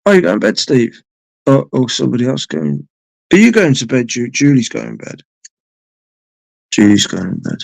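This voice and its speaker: Man, live stream host, rambling and sweary, gravelly voice, dry close sound. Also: mid-range voice, huge pitch swings, normal speed, pauses often, darkish tone, no room sound, poor audio. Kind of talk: casual chat with viewers.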